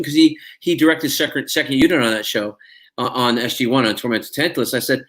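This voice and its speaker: A man's voice: mid-range voice, fairly quick, fairly bright tone. Man telling showbiz anecdotes. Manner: anecdotal, acts out quoted dialogue, many fillers. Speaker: actor guest. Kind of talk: casual interview storytelling.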